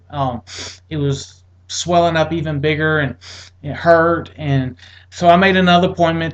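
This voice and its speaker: A veteran man casually telling a personal story, exasperated, acting out what people said to him. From Atlanta area, United States. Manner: exasperated, acts out quotes with rising pitch.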